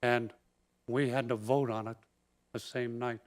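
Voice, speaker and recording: A man town councillor speaking in a council meeting, deliberate and disappointed, in short phrases. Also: mid-range voice, fairly even intonation.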